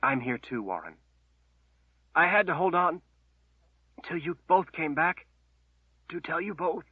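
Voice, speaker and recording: A man voicing a dying young male wizard, speaking in a faint, breathy whisper over a tinny phone-like line. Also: on the high side, animated, measured pace, no echo, pitched above the performer's own voice. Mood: faint tender.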